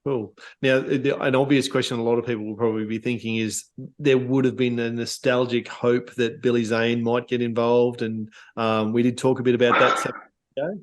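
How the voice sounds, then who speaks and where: A man's voice: mid-range voice, level tone, moderate pace. Man hosting a podcast, hesitant questions. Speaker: podcast host. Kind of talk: podcast interview.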